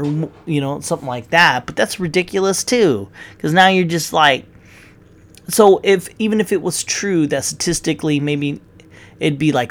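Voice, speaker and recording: A man's voice: a little high, a bit bright. A man ranting casually in a rambling, profane way, often restarting his sentences. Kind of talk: casual opinion rant.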